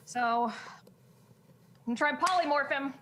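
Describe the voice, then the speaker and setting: A woman's voice: sits high, normal speed. A woman playing in a tabletop game, laughing often while describing her character's actions. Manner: giggly, animated storytelling of her actions. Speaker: player.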